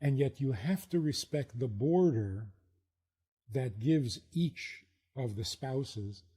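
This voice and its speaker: Slow, husky-voiced rabbi telling stories. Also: male voice, mid-range voice, expressive, mellow. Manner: slow, emphatic, acts out quotes. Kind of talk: storytelling lecture.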